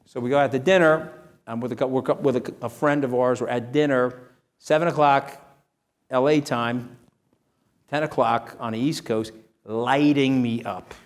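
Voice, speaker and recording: A man, an interview guest telling animated stories in a punchy way, often tagging his lines with "okay?". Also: medium pitch, normal speed. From New York. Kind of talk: animated storytelling.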